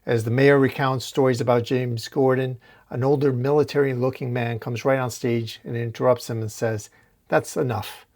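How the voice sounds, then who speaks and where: A man's voice: mid-range voice, flat delivery, moderate pace, darkish tone. Man casually recapping a comic. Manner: recounts panel by panel, casual restarts. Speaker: comic book recap host.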